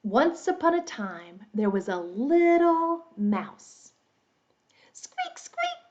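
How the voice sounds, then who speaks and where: Over a muffled recording, a woman with a slightly high, darkish, sing-song voice gives young children an English storytelling lesson. She plays it up with slow, exaggerated teacher talk and animal noises.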